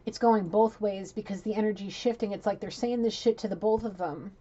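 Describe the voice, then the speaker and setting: Mellow, blunt woman giving a casual reading. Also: mid-range voice, fairly quick, breathy edge, dull audio. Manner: rambling, blunt, chatty, swears. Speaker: psychic tarot reader.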